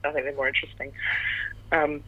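A man reviewing a film on a radio chat, measured and explanatory. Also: on the high side, flat delivery, narrow, tinny audio, slight background noise.

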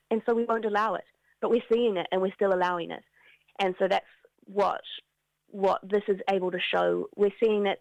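Activist interviewee, New woman, earnest and halting, with a creaky voice. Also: mid-range voice, darkish tone, no room sound. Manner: earnest, halting with many restarts. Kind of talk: remote news interview. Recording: dull lo-fi dry sound.

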